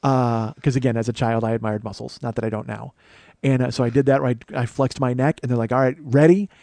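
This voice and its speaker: Guy rambling thru a funny story, swears a lot, mellow dark tone. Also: mid-range voice, fast talker, vocal fry, dry recording. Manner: rambling, profane, animated storytelling with self-mocking asides. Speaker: comedian podcast host. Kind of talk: solo storytelling monologue.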